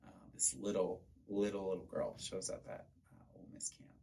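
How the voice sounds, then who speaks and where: A man, co-hosting a podcast. He tells coaching stories in a lively, animated way and acts out what people said. His voice sits a little low. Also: fairly quick. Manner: animated storyteller, acts out quotes. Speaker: podcast co-host, pitching coach. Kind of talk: casual chat.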